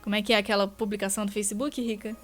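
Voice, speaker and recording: A woman's voice: mid-range voice, little pitch movement, rapid-fire, a bit bright, faint music behind. A young Brazilian woman with Portuguese as her first language, reading a webcomic aloud on a live stream in a playful way. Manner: playful, does silly character voices.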